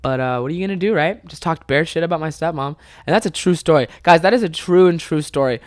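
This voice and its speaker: A young man hosting a solo comedy podcast, telling an animated personal story with plenty of swearing and laughter. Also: a little high, fast, no room sound, clean studio sound.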